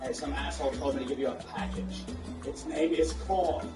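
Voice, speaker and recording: A woman's voice: a bass voice, moderate pace. A woman streamer giving casual let's-play commentary, sarcastic and profane, talking back at the game. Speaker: gaming streamer. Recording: roomy, distant mic with game music.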